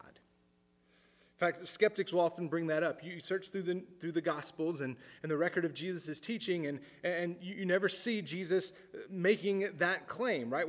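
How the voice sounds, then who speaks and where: Earnest preacher man in a reverberant hall. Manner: earnest, repeats words as he thinks aloud, drops low for emphasis. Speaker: pastor. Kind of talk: sermon.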